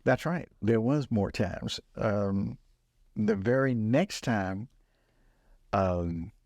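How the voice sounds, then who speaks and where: Low-voiced older man telling stories. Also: extremely slow, dry recording, clean studio sound. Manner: relaxed, laughing storyteller, acts out quoted voices. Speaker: musician recalling stories, podcast guest. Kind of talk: casual storytelling chat.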